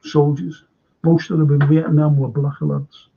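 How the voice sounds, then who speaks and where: Gravelly, slow Scouse man. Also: on the high side, level tone, narrow, tinny audio. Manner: rambling, chatty, stop-start. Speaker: live stream host. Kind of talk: casual chat reading viewer comments.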